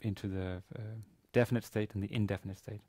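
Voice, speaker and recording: A man giving a university grammar lecture, pausing often with fillers and restarting his sentences. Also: fairly low pitch, fairly even intonation, mellow, no echo. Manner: hesitant, many fillers and restarts. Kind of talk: classroom lecture. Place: university classroom.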